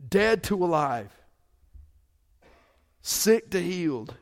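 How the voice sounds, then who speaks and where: Gravelly, high-voiced preaching man. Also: slow pace. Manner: excited, preaching with big swells in pitch and volume. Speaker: pastor. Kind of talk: sermon.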